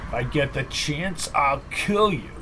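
A man's voice: on the high side, animated, measured pace, bright, forceful tone, slight background noise. A man voicing a loyal, tough male sidekick in an earnest way.

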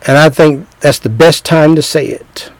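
A middle-aged man delivering relationship advice in a preachy, emphatic way, hammering his points with repetition. His voice sits a bit high for a man, with a gravelly rasp. The sound is close and dry. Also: normal speed, no echo, poor audio. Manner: emphatic, repetitive, acts out scenes. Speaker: speaker giving relationship advice.

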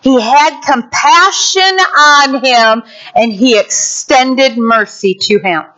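High-voiced woman preaching a sermon. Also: slow pace. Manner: animated storytelling, acts out characters. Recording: dull lo-fi sound.

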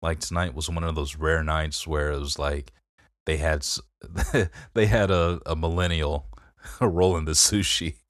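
A man's voice: extremely low pitch, steady tone, unhurried, no room sound, studio quality. A man hosting a podcast, rambling through a casual story and swearing freely. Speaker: podcast host. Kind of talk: casual chat.

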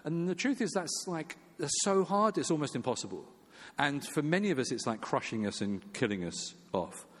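A man preaching a sermon in a conversational way, with fillers and restarts, acting out quoted voices. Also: big-room sound. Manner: acts out quoted voices with jumps in pitch.

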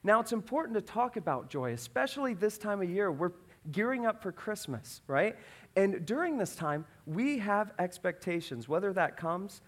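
A man's voice: high-pitched, expressive, normal speed, a bit bright. A man in his thirties preaching a sermon, telling a family story and acting out the voices in it. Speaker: pastor.

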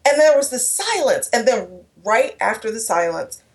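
A woman's voice: fairly high pitch, lively intonation, moderate pace. A woman telling an emotional personal story in an interview, earnest, with restarts and quoted dialogue. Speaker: guest speaker.

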